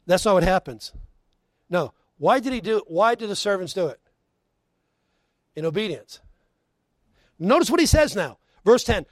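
Preaching a sermon that ends in prayer and an altar call, this pastor has a high, animated voice at a moderate pace with frequent pauses. He shifts from booming emphasis to quiet tones and drops homespun remarks between readings of scripture, recorded dry.

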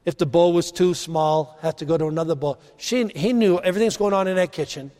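A man preaching a sermon, rising to emphasize points and dropping low and quiet on key phrases. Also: a little fast, long reverb tail.

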